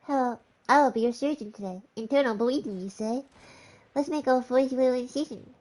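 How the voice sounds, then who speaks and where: A woman's voice: sits high, fairly quick, a little mellow, pitched above the performer's own voice. A synthetic woman's text-to-speech voice, typed in by a streamer, playing a perky young female surgeon in an anime-girl voice. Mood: cheery.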